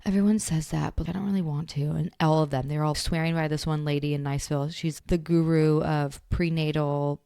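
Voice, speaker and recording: Lively low-voiced woman telling a story. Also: brisk, creaky, hardly any pauses, clean tone, dry recording, studio quality. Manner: animated storyteller, acts out quotes, laughs often. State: pregnant. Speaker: podcast co-host. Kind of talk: casual chat.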